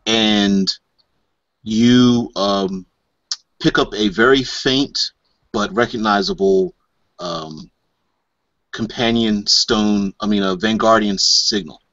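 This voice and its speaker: A low-voiced man narrates a tabletop role-playing game as game master, describing scenes haltingly. The sound is dry and dull, with a lo-fi quality. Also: fairly bright tone, dry recording.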